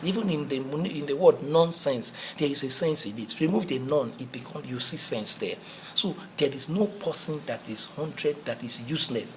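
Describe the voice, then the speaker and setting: A man's voice: a little high, slight background noise, poor audio. Earnest man giving a motivational talk. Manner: earnest, repetitive, preacherly with restarts. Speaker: motivational speaker.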